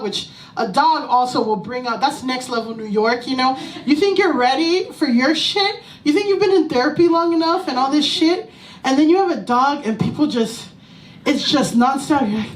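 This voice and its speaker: Brief: high-pitched female stand-up comic, salty and animated, recorded from a distance in an echoey club. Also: normal speed. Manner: profane, animated, breaks into laughter. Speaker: stand-up comedian. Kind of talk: stand-up comedy set. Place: small comedy club stage. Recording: echoey room, mic from a distance.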